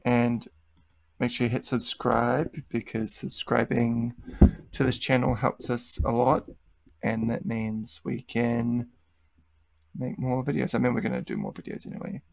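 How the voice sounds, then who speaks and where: A man's voice: mid-range voice, little pitch movement, a little slow, gravelly, dry recording. A young man hosting a casual podcast chat, laid-back, swearing casually and trailing off mid-sentence. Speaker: podcast host.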